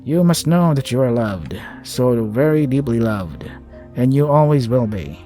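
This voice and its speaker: A weary, tender old creature with many spindly limbs speaks softly and soothingly, as a man voices it. The tone stays mellow and warm. Faint music plays behind it. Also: mid-range voice, expressive, close to an everyday voice. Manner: slow, soft and soothing. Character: ancient gentle spider-like creature, tender and weary.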